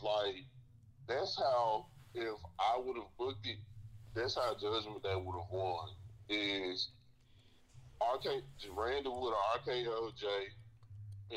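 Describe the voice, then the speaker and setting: Low bright-voiced male podcast co-host. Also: low-quality recording. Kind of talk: casual wrestling chat.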